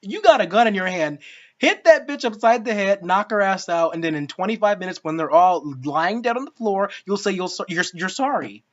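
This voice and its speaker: A woman's voice: mid-range voice, lively intonation, brisk. A woman giving a casual spoken film review, ranting in an exasperated, profane way. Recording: dull lo-fi sound.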